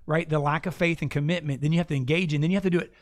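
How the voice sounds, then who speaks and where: Animated man preaching casually. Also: a little high, rapid-fire, dry recording, clean studio sound. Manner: animated, preachy, playful asides. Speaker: podcast host and preacher. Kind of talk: casual faith talk.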